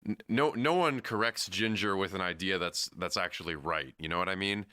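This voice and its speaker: A man's voice: low-pitched, a little fast, pushed and bright, clear, resonant tone, dry recording. A man co-hosting a podcast, discussing a film in a thoughtful, analytical way with hesitant restarts. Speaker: podcast co-host.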